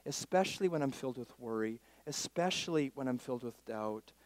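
A male pastor preaching a sermon who reads scripture loudly and fervently, then drops to hushed, intimate asides, often asking his congregation "all right?". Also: mid-range voice, expressive, brisk, no echo. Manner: addresses the congregation directly with frequent "all right?".

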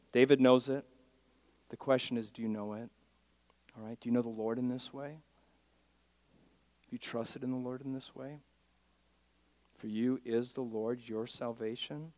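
A male pastor preaching a sermon, swinging from quiet asides to loud emphatic declarations and leading the congregation in call-and-response. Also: medium pitch, fairly even intonation, normal speed, pauses often, no echo. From Miami, Florida.

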